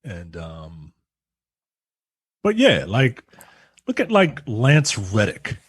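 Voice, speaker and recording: A man with a low, slightly husky voice trades quick remarks in a relaxed podcast chat. His pitch swings up and down a lot as he talks. The sound is close and dry. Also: no room sound. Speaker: podcast co-host. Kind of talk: casual chat.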